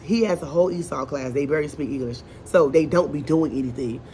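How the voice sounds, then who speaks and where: A first grade teacher vents in a casual vlog from her classroom, chatty and exasperated, full of asides, sounding congested and short of breath. Her voice is low-pitched, fast, and warm, with slight background noise.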